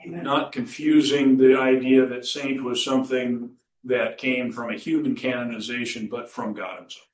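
A man with a medium-pitched, steady voice preaches a sermon at a moderate pace, speaking as a pastor and counselor. His style is folksy and full of stories, and he chuckles at his own anecdotes. The roomy recording was captured from a distance in a church sanctuary.

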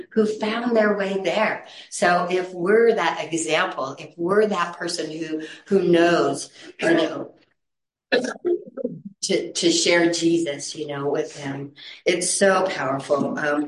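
A woman's voice: on the low side, a little hiss or hum. A middle-aged woman telling a story with lots of laughter and acted-out voices, then turning it into an encouragement of faith. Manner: animated, laughs often, acts out quoted voices. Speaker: storyteller sharing a testimony. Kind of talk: casual storytelling with a Christian message. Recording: echoey room.

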